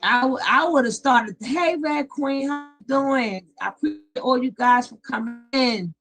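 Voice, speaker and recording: A woman's voice: high voice, measured pace, fairly bright tone, faint music behind. A middle-aged woman giving dramatic, exclamatory reaction commentary as a streamer.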